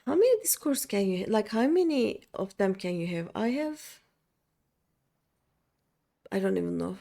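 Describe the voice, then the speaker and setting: A woman's voice: mid-range voice, very animated, normal speed, gravelly, long pauses, mellow. Chatty young woman game streamer. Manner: chatty, counting under her breath. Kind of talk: casual chat while playing.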